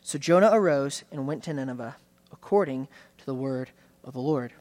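Man, pastor, mid-pitched voice, earnest conversational sermon, restarts phrases, slows for emphasis. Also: darkish tone.

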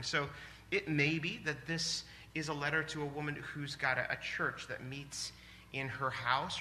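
A man in his forties preaching a sermon in a church, animated and exclamatory, often laughing. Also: mid-range voice, slight background noise. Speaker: pastor. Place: church sanctuary.

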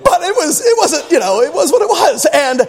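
A man preaching, telling a story with laughter and swings from low grumbling to loud shouts. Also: sing-song, fairly quick. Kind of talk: sermon story. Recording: reverberant hall.

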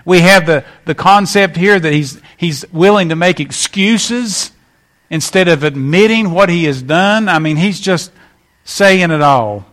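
A West Virginia pastor delivers a sermon in a folksy, storytelling style at a measured pace. His voice is a little higher than most men's, and he breaks into lively acted-out quotes along the way.

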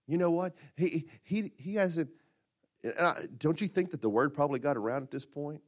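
Male pastor, mid-pitched, lively and emphatic, plainspoken sermon delivery. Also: moderate pace. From United States. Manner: animated, with sudden loud bursts and asides; conversational and plainspoken, with fillers and restarts.

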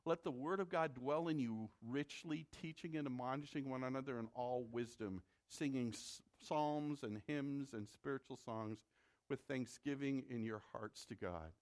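A man's voice: medium pitch, moderate pace, darkish tone. A man from the Midwest preaching a sermon as a pastor, in a conversational way that repeats words when he presses a point.

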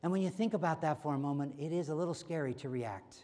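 A man preaching a sermon as pastor, animated and acting out quoted voices. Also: a little high, quick pace. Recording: long hall reverb.

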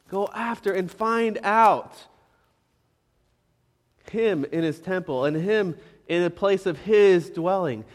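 High-voiced male pastor in an echoing hall. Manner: emphatic, repeats words for stress, asks the congregation questions. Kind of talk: sermon. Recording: long reverb of a hall.

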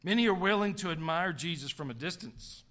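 A middle-aged pastor with a Southern US drawl preaches with emphatic punch, dropping folksy asides. His voice sits high for a man, with a bright, forceful edge. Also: expressive, brisk. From American South. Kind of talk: sermon.

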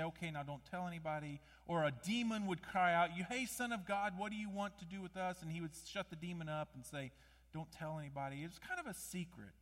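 A man preaching a sermon, animated, with many rhetorical questions, rising to loud emphasis and dropping low again. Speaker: pastor. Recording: long hall reverb.

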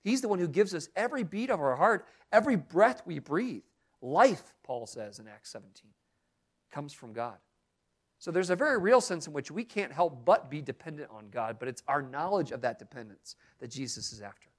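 Man preaching, pastor, high-pitched, earnest, expressive, emphatic delivery. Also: normal speed. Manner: earnest and expressive, acting out quoted dialogue with strong emphasis. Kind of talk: sermon.

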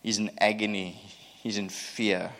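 A man preaching a sermon, telling the story in an animated way with self-mocking humor. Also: on the low side, a little slow.

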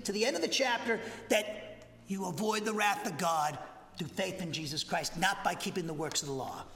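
A Southern American man preaching verse by verse, his voice pitched high and bright with an edge that cuts through. He presses his points hard, climbing toward shouts, and often breaks off to restart a phrase. The sound rings out with a long echo from a church hall. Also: creaky. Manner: emphatic, rising to near shouts on key points, frequent restarts. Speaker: pastor teaching a Bible lesson. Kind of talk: expository sermon. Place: church sanctuary.

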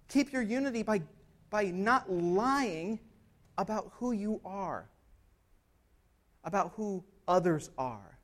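A pastor delivers an expository sermon, speaking earnestly and conversationally. He checks in with "right?" and builds up to emphatic passages. His voice sits high.

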